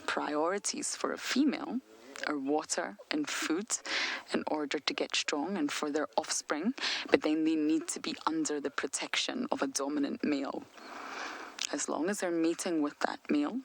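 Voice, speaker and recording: A woman guiding a live game drive from an open vehicle outdoors, answering viewer questions in a hushed, often whispered voice. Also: low-pitched, moderate pace, creaky, rough recording. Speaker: safari guide.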